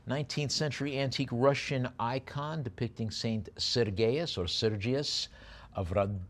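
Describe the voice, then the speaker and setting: A man in his fifties working as an auctioneer at a live auction, rattling off bids quickly and describing lots in a loose, hesitant way. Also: mid-range voice. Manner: rapid bid calling mixed with loose, hesitant lot descriptions.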